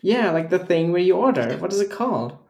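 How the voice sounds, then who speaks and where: A man's voice: sits high, fairly quick, creaky. German man with an American-sounding accent, roomy sound. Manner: rambling, filler-heavy, deadpan. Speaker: podcast co-host. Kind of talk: casual chat, story time.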